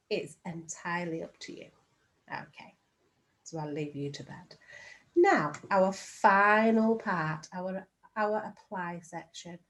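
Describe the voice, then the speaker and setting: A woman teaching a recorded phonics lesson to young children, sounding out letters and praising them warmly. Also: medium pitch. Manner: slow, encouraging, sounds out letters. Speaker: reception class teacher.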